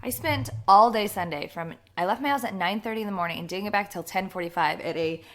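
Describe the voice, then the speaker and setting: A young adult woman co-hosting a podcast in casual chat, telling stories with animated quoted voices and casual swearing. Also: mid-range voice, fast talker. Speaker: podcast co-host.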